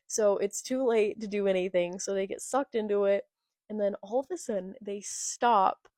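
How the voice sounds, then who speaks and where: A woman's voice: medium pitch, steady tone, normal speed, warm tone, dry recording, clean studio sound. A young woman talking casually and enthusiastically as she recaps and reacts to a manga she is reading. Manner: enthusiastic, gushing. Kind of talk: casual chat.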